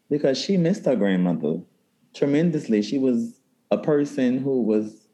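A man from New Orleans speaks as a therapist guest in an interview. His voice sits mid-range with a mellow, dark tone. He talks in an animated, storytelling way and restarts his phrases often. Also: medium pitch, poor audio. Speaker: therapist and cookbook author. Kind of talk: interview conversation.

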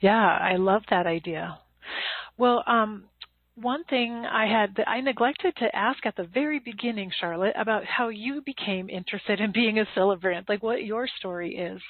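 A woman who is a doctor, asking questions in a casual interview in a thoughtful, measured way. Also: medium pitch, breathy edge, no room sound. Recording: tinny phone-like line, dry.

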